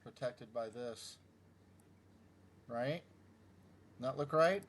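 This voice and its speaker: A middle-aged man talks to himself as he works through puzzles, in a slow, unhurried voice at an ordinary pitch. He mutters his moves one by one and mocks his own blunders with a wry, self-deprecating humor. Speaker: chess YouTuber solving puzzles. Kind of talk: casual thinking-aloud commentary.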